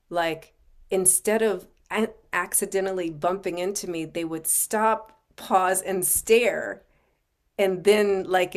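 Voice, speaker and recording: A middle-aged woman speaking as a podcast guest, conversational, often adding "you know" and "right". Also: mid-range voice. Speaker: podcast guest, coach and author. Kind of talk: casual interview chat.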